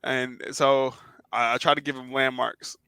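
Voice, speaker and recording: A man co-hosting a podcast, telling a long story in casual chat, acting out quotes loudly and swearing freely. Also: mid-range voice, flat delivery, unhurried, gravelly, clean tone, no echo. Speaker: podcast co-host.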